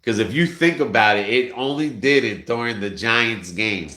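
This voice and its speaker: A man chatting casually on his vlog, telling an animated story full of swearing and bursts of shouting. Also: on the low side, normal speed, reverberant. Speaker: vlogger.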